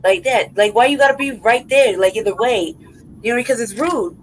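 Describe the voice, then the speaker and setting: Fairly high-pitched and fairly quick, this woman's voice sits on a rough recording with a little hiss or hum. She's hosting a podcast, laughing through a rambling, profane story in casual chat and repeatedly asking "right?" and "you know what I mean?"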